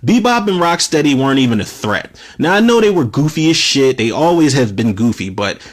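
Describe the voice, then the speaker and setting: A man in his thirties hosting a podcast, casually reviewing films in a profane, animated rant full of fillers. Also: mid-range voice, brisk. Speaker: podcast host, film reviewer. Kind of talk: casual spoken film review.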